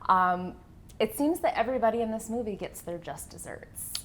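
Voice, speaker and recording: A woman's voice: a little high, animated, normal speed, a little hiss or hum. A woman co-hosting a casual film podcast, chatty and enthusiastic. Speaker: podcast co-host.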